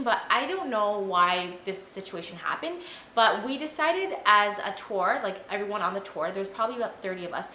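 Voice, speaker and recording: A young woman in a casual vlog, telling a travel story in an animated, chatty way, full of "like" and "you know". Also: medium pitch, slight background noise. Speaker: travel vlogger. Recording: echoey room.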